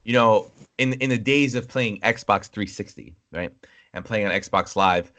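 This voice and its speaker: A man's voice: lowish voice, measured pace. Young man telling stories animatedly. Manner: animated storyteller, acts out quoted voices, swears. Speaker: podcast co-host. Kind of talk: casual chat.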